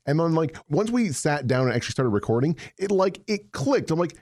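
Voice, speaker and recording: A man's voice: on the high side, sing-song, brisk, hardly any pauses, a little mellow, no room sound, clean studio sound. A young man co-hosting a casual podcast, easygoing and chatty, full of fillers. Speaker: podcast co-host and voice actor. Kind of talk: casual chat.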